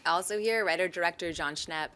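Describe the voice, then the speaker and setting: A woman's voice: on the low side, a little fast, pushed and bright, clear, resonant tone. A woman hosting a movie talk show, introducing the panel and reading out viewer questions in an upbeat manner. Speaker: host.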